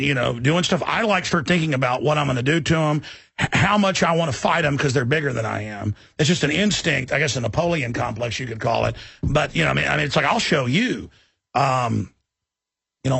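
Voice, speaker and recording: A man's voice: mid-range voice, creaky, a bit bright, slightly rough, dry recording. A man hosting a talk radio show, talking intensely in a rambling way with many restarts. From Texas.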